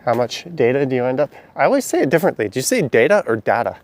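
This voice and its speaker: A man's voice: mid-range voice, very animated, racing, darkish tone. A man, walking city alleys at night on a live stream, chatting and answering viewers' questions as he goes. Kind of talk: casual live-stream narration reading chat.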